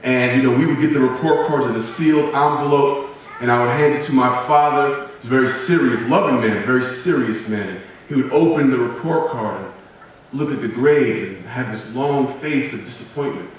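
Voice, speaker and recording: A man giving a motivational speech, telling personal stories with humor and dramatic pauses. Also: mid-range voice, slight background noise. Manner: humorous, self-deprecating storytelling with dramatic pauses. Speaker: motivational speaker. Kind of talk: personal storytelling speech to an audience. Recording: very echoey hall, voice from a distance.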